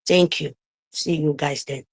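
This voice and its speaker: A woman's voice: low voice, fairly even intonation, measured pace, vocal fry, husky. A woman with a Nigerian accent giving an impassioned, scolding political speech over an online call, repeating phrases for emphasis. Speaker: speaker on an online group call. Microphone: remote call microphone.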